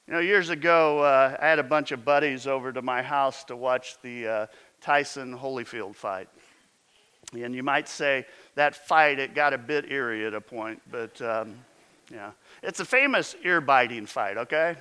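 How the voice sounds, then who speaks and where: A man's voice: medium pitch, moderate pace, pushed and bright, clean tone. A man preaching a sermon as a pastor, telling stories and asking emphatic rhetorical questions.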